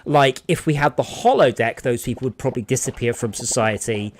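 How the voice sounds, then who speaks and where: A man's voice: medium pitch, fairly quick, a little hiss or hum. A man chatting and joking casually on a gaming stream, often slipping into mock voices. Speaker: streamer co-host. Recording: faint music in background.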